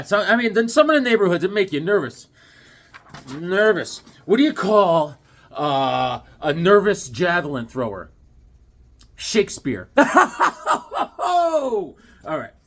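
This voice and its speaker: A middle-aged man rambling and joking through a casual comic-collecting vlog, goofy and animated. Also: fairly high pitch. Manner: goofy, joking, animated, acts out quick bits.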